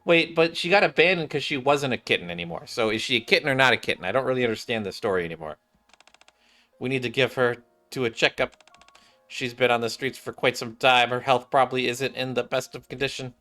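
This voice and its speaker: Bright-voiced man reading a game story. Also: medium pitch, a little fast, faint music behind. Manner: casual, wry asides. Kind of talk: reading game text aloud with casual commentary.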